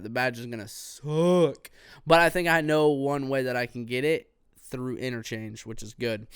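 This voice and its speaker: A man hosting a casual solo podcast, rambling in a relaxed way with plenty of fillers. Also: medium pitch, clean tone, no echo, studio quality. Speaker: podcast host. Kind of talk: casual solo gaming talk.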